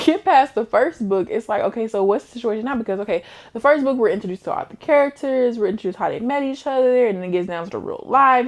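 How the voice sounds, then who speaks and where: A young adult woman chatting casually as she reviews books, telling the plots in an animated, slangy way. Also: a little high. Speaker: book reviewer. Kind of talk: casual chat.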